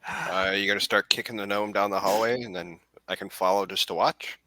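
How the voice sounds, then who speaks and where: Bright-voiced man playing at the table. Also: fairly low pitch, fairly even intonation, brisk, dry recording. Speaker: player. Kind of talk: casual chat in character.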